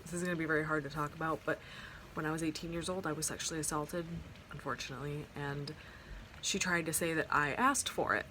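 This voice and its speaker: Her voice is low with a steady tone, pushed and bright, and she talks fast over a little hiss or hum. She's a young adult filming a casual storytime vlog at home on her phone camera beside an open window, telling a rambling, heartfelt personal story full of fillers and restarts.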